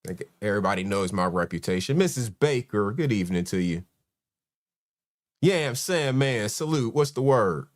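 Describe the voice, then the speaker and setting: A man's voice: fairly low pitch, lively intonation, moderate pace. Host, man, 40s, laid-back live-stream chat, greets viewers by name.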